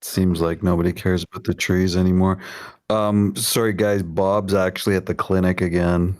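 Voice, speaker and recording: Deep monotone guy cracking dry jokes on a call. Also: normal speed, dry recording. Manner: dry, joking. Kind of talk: casual group chat on a voice call.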